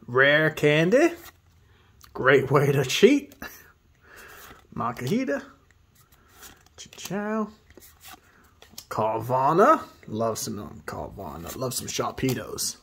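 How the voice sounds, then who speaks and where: A man hosting a casual pack-opening video, excitably reading card names aloud and hyping himself up. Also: on the high side, husky. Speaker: host opening card packs.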